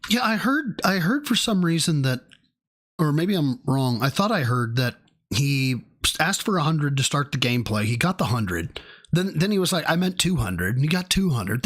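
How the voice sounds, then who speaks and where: A man's voice: fairly high pitch, a bit bright. A man on a live stream thanking viewers and riffing in crude, profane language. His delivery is loose and mocking, casual chat throughout. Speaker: streamer co-host.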